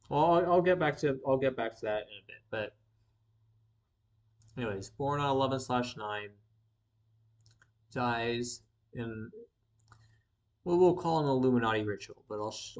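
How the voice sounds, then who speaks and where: A man's voice: lowish voice, lo-fi sound. A young man hosting a live stream in a casual, rambling way, with a slight lisp, correcting himself as he goes. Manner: rambling, self-correcting, thinks aloud while reading from screen. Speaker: sports commentator host.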